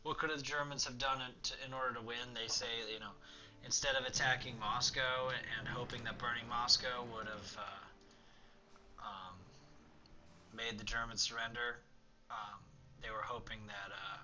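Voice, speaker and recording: A man's voice: mid-range voice, flat delivery, normal speed, bright, forceful tone, a little hiss or hum. A young man hosting a let's play, chatting casually and rambling through history with lots of fillers. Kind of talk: casual gameplay commentary.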